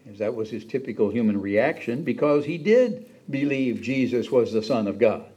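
Male pastor, sermon, conversational, warm dark husky voice. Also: animated, normal speed, lo-fi sound. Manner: conversational, acts out quoted lines with raised pitch.

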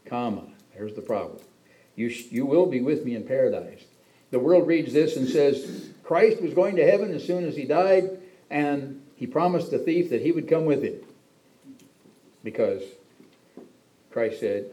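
A man delivers a sermon as a pastor, reading scripture and then unpacking it. His voice is mellow and warm, sitting in a middle pitch range. He often lifts his voice for emphasis. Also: lively intonation, normal speed, low-quality recording. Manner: reads scripture then explains it, with frequent emphatic pitch rises.

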